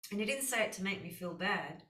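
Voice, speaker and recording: A woman's voice: mid-range voice, animated, fast, bright, forceful tone, reverberant, far from the mic, low-quality recording. A woman astrologer hosting a casual conversation, telling heartfelt stories with lots of fillers. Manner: earnest, heartfelt storytelling with many fillers. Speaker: astrologer host.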